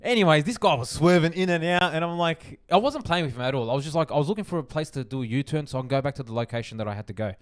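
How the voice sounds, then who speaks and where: A young man, telling a story on a podcast in an animated, swearing way. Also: fairly high pitch, racing, hardly any pauses. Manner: animated, swearing, laughing often. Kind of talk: casual chat.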